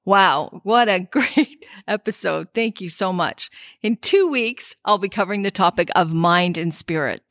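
A woman's voice: on the low side, a bit bright, dry recording, studio quality. A woman hosting a spiritual podcast, reflective and heartfelt. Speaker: podcast host. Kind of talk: casual podcast talk.

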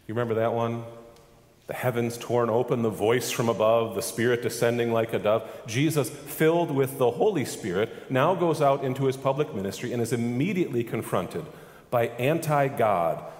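A man's voice: mid-range voice, roomy sound, long reverb tail. A man preaching a sermon as pastor, emphatic and full of rhetorical questions.

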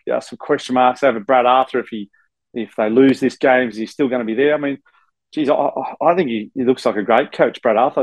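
A man's voice: mid-range voice, no room sound, poor audio. Rambling Australian man, dry sound. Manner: rambling, many fillers and restarts, says mate often. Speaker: co-host, former player. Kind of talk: casual sports chat. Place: hotel room.

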